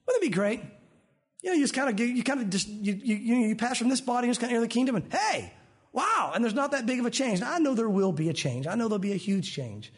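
A man preaching a sermon as pastor, animated, acting out the voices of Bible figures. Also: sits high, a little fast, slightly rough.

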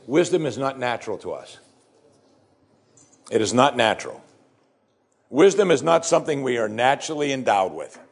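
A man delivers a sermon as a congregation's pastor. His voice is husky and mid-pitched, and he hammers home key phrases by repeating them with rising emphasis. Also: a little mellow.

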